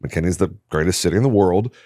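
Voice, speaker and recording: Low-voiced, emphatic male podcast host. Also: fast talker, dark tone, dry recording, studio quality. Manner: emphatic and enthusiastic. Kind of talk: casual conversation. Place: podcast studio.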